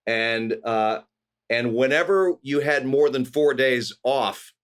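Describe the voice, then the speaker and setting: A middle-aged man from California, a guest actor telling lively anecdotes in an interview and acting out the people he quotes. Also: mid-range voice, slow pace, clear, resonant tone. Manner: animated anecdotes with voiced quotes. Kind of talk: storytelling interview.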